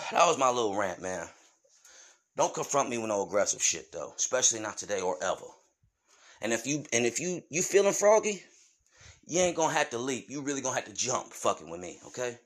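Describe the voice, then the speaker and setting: A man's voice: medium pitch, very animated, brisk. A man hosting his own podcast, delivering a heated, profane rant straight at his listeners. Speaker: podcast host.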